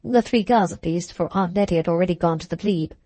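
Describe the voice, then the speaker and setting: A woman's voice: on the low side, fast, mellow, no echo. Woman reading a novel in a dry voice. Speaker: audiobook narrator. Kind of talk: scripted audiobook narration.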